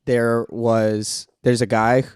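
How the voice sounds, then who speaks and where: A man's voice: medium pitch, little pitch movement, slow, a little mellow, smooth, no echo, studio quality. A young man co-hosting a podcast, telling stories in casual chat and swearing freely. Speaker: podcast co-host.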